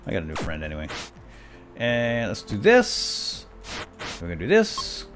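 Excitable man with a lively voice. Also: lowish voice, a little slow, faint music behind. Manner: excitable, chatty, talks to game characters, gasps and laughs. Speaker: let's play host. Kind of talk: gameplay commentary.

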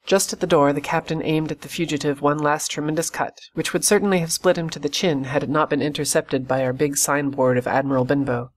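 A man reading an audiobook in steady, measured scripted narration. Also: fairly high pitch. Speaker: audiobook reader.

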